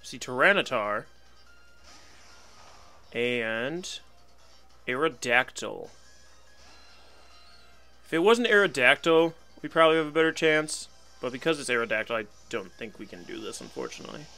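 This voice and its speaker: A man's voice: medium pitch, very animated, moderate pace, pauses often, pushed and bright, soft background music. A young man giving casual live commentary on a video game battle, wry and resigned, laughing at himself now and then. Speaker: gaming channel host.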